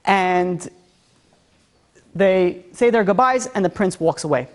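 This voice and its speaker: A man's voice: high voice, animated, takes it slowly. A man, a rabbi, telling a story to an audience, acting out the characters with frequent restarts. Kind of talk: storytelling talk.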